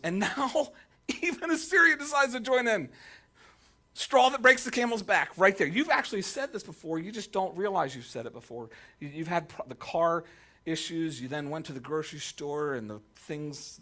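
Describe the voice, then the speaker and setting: A male pastor preaching a sermon to a congregation, telling jokey stories and acting out the quotes. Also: a little high. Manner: animated, jokey storytelling with voiced quotes. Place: church sanctuary.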